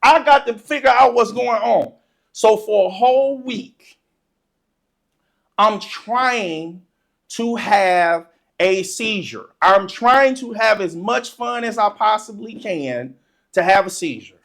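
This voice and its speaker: An animated storyteller telling a funny childhood story, laughing often and acting out the excitement in casual, informal speech. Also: medium pitch, takes it slowly. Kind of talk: comedic personal storytelling.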